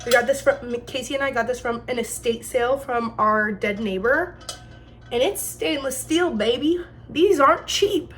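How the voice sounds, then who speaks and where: A woman's voice: a little high, normal speed. Chatty young woman in her twenties. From New Jersey, US. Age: 20s. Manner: chatty, slangy, animated retelling. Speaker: vlogger. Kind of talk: casual storytelling while cooking. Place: home kitchen.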